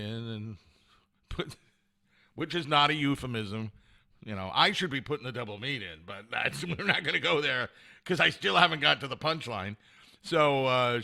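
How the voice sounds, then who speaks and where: Male podcast host, bright, rambling, self-mocking storyteller. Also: medium pitch, gravelly. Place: at home with a cat. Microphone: camera set up at home.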